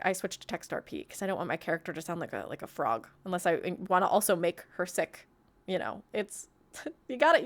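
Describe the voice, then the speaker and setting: A woman admin leading a roleplay workshop, talking in a chatty, rambling way with lots of fillers and frequent small laughs. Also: medium pitch. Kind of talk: casual instructional talk.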